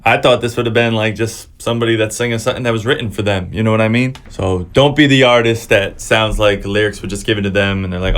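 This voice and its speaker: A man's voice: on the low side, fast, hardly any pauses, fairly bright tone. A man, a music producer, talking casually as he reacts to fans' songs, encouraging and chatty, full of restarts and fillers.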